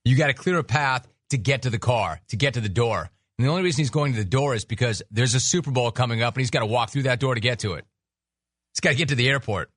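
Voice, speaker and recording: A man's voice: medium pitch, a bit bright, no room sound, clean studio sound. Sarcastic male sports radio host. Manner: sarcastic, mocking, rapid riffs. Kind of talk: sports talk radio monologue.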